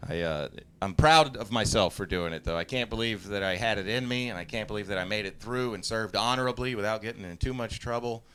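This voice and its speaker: A man in his forties from Southeast Texas doing live stand-up, telling stories in a laid-back way, often laughing at his own jokes and breaking into loud yelled impressions. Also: lowish voice, fairly quick, hardly any pauses, a little hiss or hum. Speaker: stand-up comedian. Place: live comedy stage.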